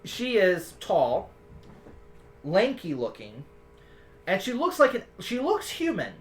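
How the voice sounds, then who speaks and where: A woman's voice: mid-range voice, huge pitch swings, takes it slowly, soft background music. A woman narrating a tabletop game as game master, in rambling descriptive narration with restarts.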